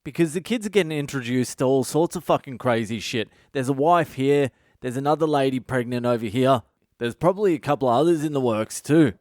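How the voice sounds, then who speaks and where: A man's voice: medium pitch, brisk, a little mellow, dry recording, studio quality. A man hosting his own podcast, telling a story in a blunt, profane way with sarcastic asides. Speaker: comedian podcast host. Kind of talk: casual solo storytelling podcast. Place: at home at night.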